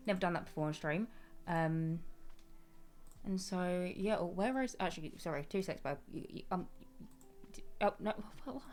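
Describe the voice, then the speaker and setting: A woman's voice: medium pitch, a little mellow. A woman chatting casually with her viewers during a live stream, affectionate and familiar, greeting everyone as her darling. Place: at home at her gaming desk.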